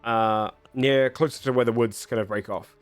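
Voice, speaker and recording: A man's voice: mid-range voice, fairly even intonation, moderate pace, clear, resonant tone, no room sound, faint music behind. Rambling man running a tabletop game. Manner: rambling, many fillers and restarts. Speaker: game master.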